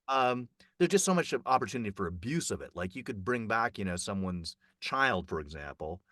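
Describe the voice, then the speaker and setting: A man reporting casually on a film festival, rambling with fillers and restarts and jumping up in pitch when excited. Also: a little fast, no room sound, studio quality.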